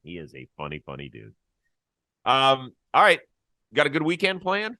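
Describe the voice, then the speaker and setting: A man's voice: mid-range voice, huge pitch swings, normal speed, pushed and bright, dry recording. A man hosting a sports talk show, chatting in a wry, easygoing way and laughing easily. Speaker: host.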